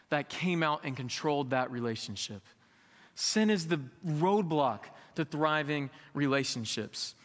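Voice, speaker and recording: A man's voice: on the high side, a bit bright. A male pastor giving a sermon, candid and conversational, with emphatic rises in a reverberant church hall. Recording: echoey hall with long reverb.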